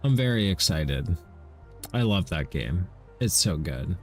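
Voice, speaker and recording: A young man chatting loudly and excitably on a game stream, swearing freely and ranting. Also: low voice, measured pace, soft background music. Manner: loud, excitable, profane ranting. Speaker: gaming streamer. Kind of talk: casual stream chat.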